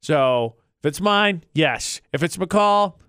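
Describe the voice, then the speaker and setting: A man's voice: on the high side, lively intonation, slow, fairly bright tone, smooth, no room sound. A man in his thirties co-hosting a morning radio show, bantering in a jokey, rambling, playfully indignant way from a radio studio. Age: 30s.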